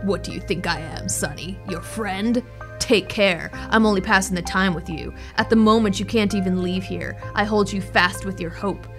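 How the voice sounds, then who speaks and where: A woman reading aloud as a cruel, menacing male werewolf, speaking slowly and tauntingly. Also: medium pitch, soft background music, close to an everyday voice.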